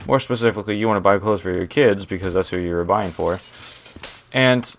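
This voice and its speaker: A young man with a lowish voice recounts a story in a loose, rambling way while he games. He keeps cutting himself off to react to the match. Faint gunfire sits underneath. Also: brisk, slight background noise. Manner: rambling, animated, breaks off to react to the game. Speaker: gaming storyteller. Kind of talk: story time over gameplay commentary.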